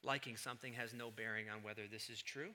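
A man preaching a sermon as pastor, moving between quiet, low asides and loud, emphatic stretches. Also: steady tone, quick pace.

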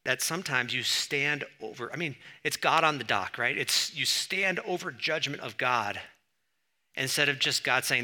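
A man preaching a sermon, conversational with asides, and rising loud when he reads scripture. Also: medium pitch, normal speed. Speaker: pastor.

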